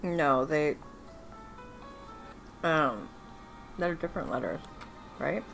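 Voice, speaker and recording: A woman hosting a casual livestream Bible quiz, reading multiple-choice questions slowly and chatting between them. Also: deep voice, expressive, creaky, a bit bright, soft background music. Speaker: livestream host running a Bible trivia game.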